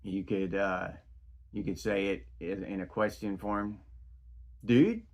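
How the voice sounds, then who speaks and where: A man's voice: low-pitched, flat delivery, unhurried. A middle-aged man hosting his own podcast, talking in a casual, rambling monologue full of restarts. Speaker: podcast host.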